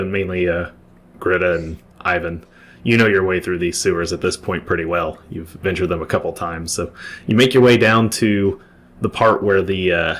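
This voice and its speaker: A man narrating a tabletop game as game master, describing scenes at length with frequent restarts. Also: low-pitched.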